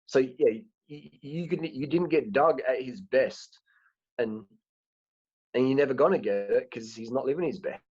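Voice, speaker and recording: A man's voice: medium pitch, moderate pace, a little mellow, husky, no echo. A man hosting a casual chat, talking frankly and rambling with frequent restarts. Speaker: host. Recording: dry, dull lo-fi sound.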